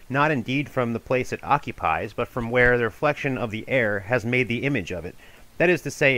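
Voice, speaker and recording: A man giving a measured, formal audiobook reading of an ancient philosophical dialogue. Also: mid-range voice, a bit bright, rough recording. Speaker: reader of a classical dialogue.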